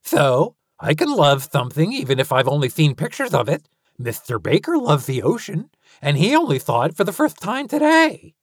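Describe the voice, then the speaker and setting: A woman's voice: low voice, sing-song, moderate pace, breathy edge, no room sound, clean studio sound, voice pushed up, heavily acted. A woman voicing an odd little boy with glowing red eyes, chatty, earnest and oddly literal. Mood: insistent.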